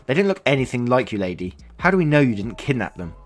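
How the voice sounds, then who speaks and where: A man's voice: mid-range voice, very animated, quick pace, faint music behind, voice pushed up. A man voicing a hostile old woman who screeches insults at a neighbor. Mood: screaming.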